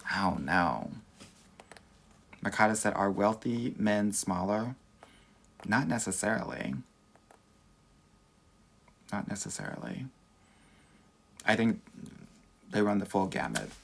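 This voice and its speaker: An animated but unhurried dating coach with a lowish, vocal-fry voice pauses often as he reads comments in a casual livestream chat. His Southern California Valley accent goes with a sassy, campy manner, and he calls everyone "girl."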